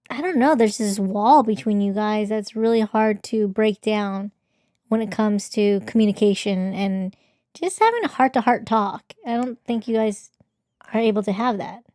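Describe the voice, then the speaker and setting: A woman's voice: medium pitch, measured pace, dark tone, studio quality. A woman co-hosting a podcast in casual chat, a supportive listener who echoes and affirms. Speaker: podcast co-host.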